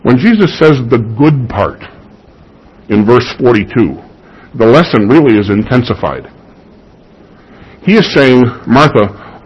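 A pastor delivers a sermon in a church, his husky voice climbing to emphatic peaks on key words. He keeps turning to the congregation with questions. The recording is muffled and lo-fi. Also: mid-range voice. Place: church sanctuary.

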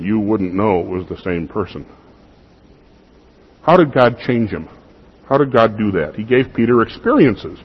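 A man preaching a sermon in a husky voice, in a conversational style with rhetorical questions to the congregation, in what sounds like a church. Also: mid-range voice. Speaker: pastor. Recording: dull lo-fi recording.

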